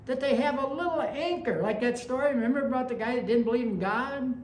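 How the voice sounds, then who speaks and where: A woman's voice: fairly high pitch, darkish tone, slight background noise. A woman pastor preaching a sermon in a conversational way, with anecdotes and rising emphasis. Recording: echoey room with faint ambience.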